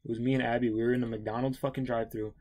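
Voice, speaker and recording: Young male co-host, blunt and profane, middle-pitched voice. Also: flat delivery, very fast, a little mellow. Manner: blunt, profane, laughs often. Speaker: podcast co-host. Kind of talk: casual chat.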